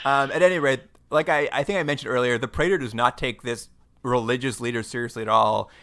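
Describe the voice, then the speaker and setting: A man's voice: medium pitch, steady tone, fast talker, a bit bright. A man hosting a podcast, recapping a show in casual, rambling chat with many restarts. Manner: rambling, lots of "like" and restarts, laughs often. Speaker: podcast host.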